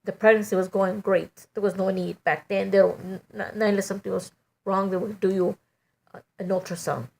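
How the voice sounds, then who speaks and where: A middle-aged woman giving a halting, emotional personal testimony, full of "you know" and restarts. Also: medium pitch, steady tone, gravelly, darkish tone, breathy edge.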